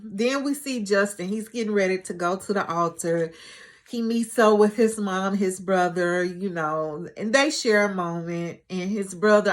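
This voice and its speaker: Slow-talking woman doing a chatty recap. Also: medium pitch. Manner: chatty, drawn-out fillers, playful asides. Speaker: show recap host. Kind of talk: casual recap commentary.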